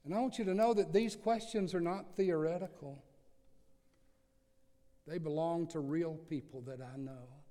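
Pastor, male, slightly high voice, slow deliberate sermon delivery, long hall echo. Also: mellow. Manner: slow, earnest preaching with dramatic swings in volume.

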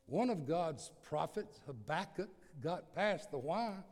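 A man preaching a sermon, slow and earnest, with dramatic swings from soft to loud. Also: a little high, lively intonation. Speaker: pastor. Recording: long hall reverb.

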